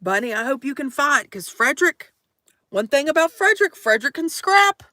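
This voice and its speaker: Young woman streaming at night, high voice, dry close sound, goofy and dramatic reading the chat. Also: very animated, moderate pace, bright, forceful tone, no room sound. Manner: playful and theatrical, reading chat aloud, exclaiming often. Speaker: live streamer.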